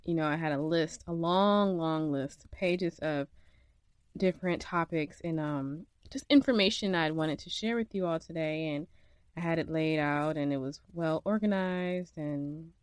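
A woman's voice: low-pitched, a little slow, smooth, no echo. A young woman hosting a podcast from a makeshift home studio, venting emotionally and laughing through her frustration in a casual monologue. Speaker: podcast host.

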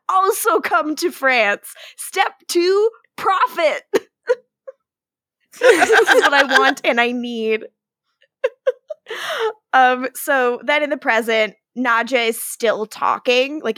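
A woman's voice: fairly high pitch, pushed and bright, no room sound. A woman co-hosting a podcast, chatting casually, swearing and laughing as she retells TV scenes. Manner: laughing, profane, retelling scenes with playful quotes. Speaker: podcast co-host. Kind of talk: casual rewatch chat.

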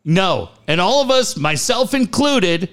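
Animated guy cohosting, high voice jumping all over, swears a lot, does little voices in his stories. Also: measured pace. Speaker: radio show co-host. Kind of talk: casual banter.

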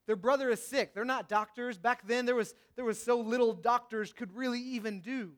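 A young male preacher with a notably high voice delivers a sermon. He builds to passionate, raised outbursts, then drops to hushed and reflective tones. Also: normal speed.

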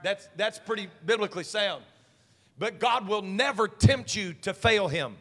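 Male pastor, bright, forceful sermon voice, call-and-response, reverberant sanctuary. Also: high-pitched, animated, unhurried. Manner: swings from quiet talk to shouted preaching. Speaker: senior pastor. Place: church sanctuary. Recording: long reverb of a church hall.

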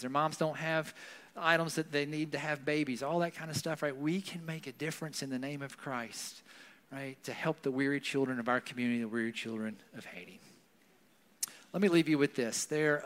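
A man's voice: a little high, a bit bright. A man, a pastor, preaching a conversational sermon in a church with a Southern US accent, often adding "right?" as he talks. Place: church hall. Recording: long hall reverb.

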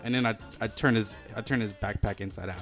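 A man's voice: lowish voice, fairly even intonation, fast talker, faint music behind. A young man telling a rambling, profane story in casual podcast chat, full of fillers and restarts. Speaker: podcast co-host.

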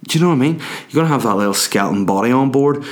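A man's voice: medium pitch, expressive, racing. A young man, rambling through a crude comic monologue full of tangents. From Ireland.

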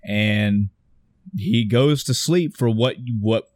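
Excitable young man recapping a film. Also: on the low side, slow pace, no echo, studio quality. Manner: animated retelling with swearing and acted quotes. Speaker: podcast co-host discussing a movie. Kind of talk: casual chat.

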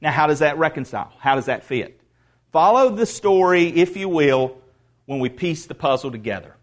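A man's voice: fairly high pitch, animated, moderate pace. A male pastor preaching a sermon in an emphatic way, repeating words for stress.

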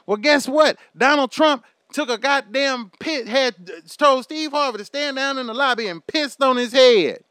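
A man's voice: extremely high pitch, moderate pace, hardly any pauses, bright, forceful tone, smooth, dry recording, studio quality. A man in his thirties delivering a heated, profane, preachy rant straight to his audience. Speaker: vlogger.

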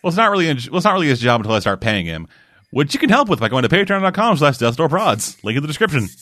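A man's voice: a little high, quick pace, no echo. A man hosting a video games podcast in casual, swearing chat, close to the mic. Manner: animated and swearing, with loose filler words. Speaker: podcast host.

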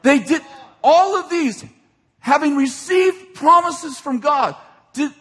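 A man preaching a sermon. He retells scripture in everyday speech and builds to shouted, excited appeals. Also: very high voice, slow pace. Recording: long hall reverb.

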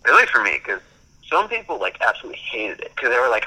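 A man's voice: medium pitch, very animated, quick pace, pushed and bright, low-quality recording. A young man in casual chat, rambling through stories with lots of "like" and frequent laughs. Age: young adult.

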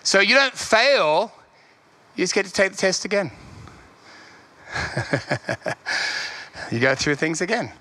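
A man preaching a sermon in a lively way, repeating his key lines and chuckling between points. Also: sits high, slow, long pauses.

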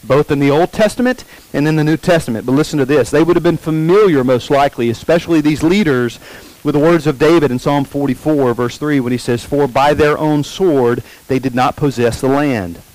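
Man preaching with slow emphatic repetition. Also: on the high side, a little mellow, no room sound, poor audio. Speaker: pastor. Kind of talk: sermon.

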